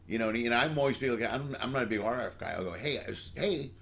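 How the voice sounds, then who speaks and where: A man hosting a casual podcast chat, quick to joke, swearing freely while he tells stories. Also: medium pitch, gravelly, fairly bright tone, slight background noise. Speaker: podcast host.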